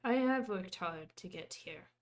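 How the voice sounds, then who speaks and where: A woman voicing a proud shopkeeper man, speaking in a measured, unyielding way. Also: on the low side, lively intonation.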